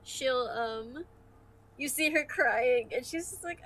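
Woman player in a tabletop game, very high bright voice, teary and giggly. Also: takes it slowly. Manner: laughs and cries while talking. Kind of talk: casual role-play narration.

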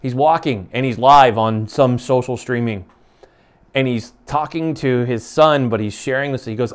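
A man's voice: mid-range voice, moderate pace, clear, resonant tone. A man in his forties, from the United States, hosting an interview in a passionate, emphatic way, often restarting his sentences. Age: 40s. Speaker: show host. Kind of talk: conversational interview.

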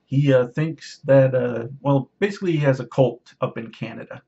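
A man vlogging, ranting to camera in a sarcastic, preachy way, with a husky voice. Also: medium pitch, moderate pace, mellow, lo-fi sound. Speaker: YouTuber. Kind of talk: casual rant to camera.

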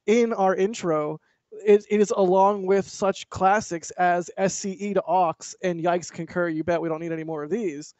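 A man hosting a live spaceflight show, chatting casually in an animated, self-mocking way over a call mic. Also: sits high, normal speed, clear, resonant tone, dry recording, lo-fi sound. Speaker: host. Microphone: desktop mic on a video call.

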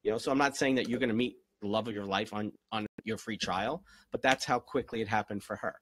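Talking fast in a fairly low, slightly bright voice with no room sound, a male relationship coach answers viewer questions on a live stream. He's earnest and encouraging in his motivational advice and keeps returning to his key phrases.

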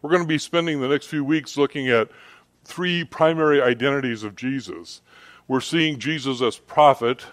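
A man's voice: mid-range voice, moderate pace, a bit bright, no room sound. A middle-aged man preaching a sermon as pastor, rambling conversationally with frequent restarts. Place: church service.

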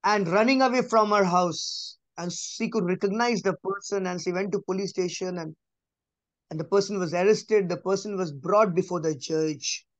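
A man giving a conversational Bible teaching, emphatic, repeating key phrases and dropping to a soft, low voice. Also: moderate pace, no room sound, lo-fi sound. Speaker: preacher.

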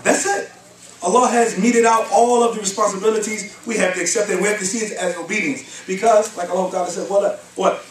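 A man's voice: high-pitched, fairly even intonation, fairly quick. A man giving a religious lecture in a mosque, reciting Arabic verses and asking the audience rhetorical questions. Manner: quotes Arabic verses and asks rhetorical questions like "huh?" and "what?". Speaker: Islamic lecturer. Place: mosque hall. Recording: echoey hall, mic at a distance, faint hiss.

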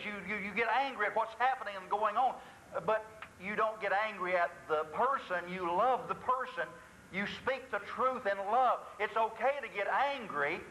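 Guy preaching in a church, high ringing voice, asks the crowd questions, bit of hiss behind. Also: bright, forceful tone, poor audio. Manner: preaching with rhetorical questions and acted-out confessions. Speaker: pastor. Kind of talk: sermon.

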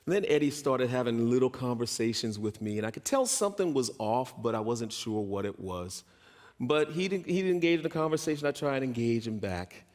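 A man's voice: expressive, brisk, a little mellow, in a large hall. A man preaching a sermon, telling stories and acting out the voices of the people in them. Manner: storytelling, acts out quoted voices in a raised pitch. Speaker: pastor.

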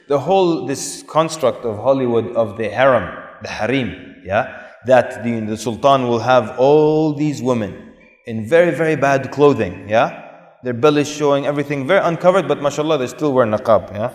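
Man lecturing in an echoey hall. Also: mid-range voice. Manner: conversational, asks the audience questions; sprinkles Arabic words into English. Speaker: Islamic speaker. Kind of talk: lecture to a live audience.

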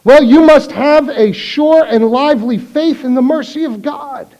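A man voicing a solemn old priest reformer, speaking slowly and gravely at a dying ruler's bedside. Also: very high voice, a little mellow, muffled recording, voice pushed up. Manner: slow, grave, measured pronouncements.

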